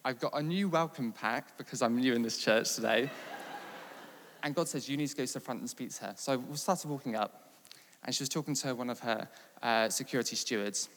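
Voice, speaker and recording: A man from England preaching and telling a testimony story, building from steady talk to loud, animated retelling. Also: medium pitch, fairly quick, a little hiss or hum. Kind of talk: sermon testimony. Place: large church hall. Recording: long reverb of a large hall.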